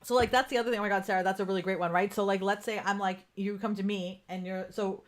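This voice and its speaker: Woman host, frank and swearing, live coaching chat, mid-pitched. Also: steady tone, fast talker. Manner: candid and profane, laughs often, reads out viewer comments. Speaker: podcast host. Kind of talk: casual live-stream coaching talk. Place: home room with ring light.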